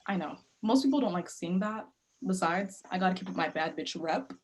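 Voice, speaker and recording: A woman's voice: fairly low pitch, lively intonation, a little fast, lightly acted. A woman playing a defiant young woman grieving her mother, blunt and guarded, read over a video call. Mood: softening. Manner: guarded, blunt, sharp-tongued. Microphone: video call mic.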